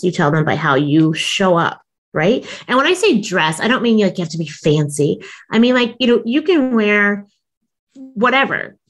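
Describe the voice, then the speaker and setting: A woman comedian and author, a guest telling a personal story in an interview, acting out quoted lines with big jumps in her voice and laughing often. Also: medium pitch.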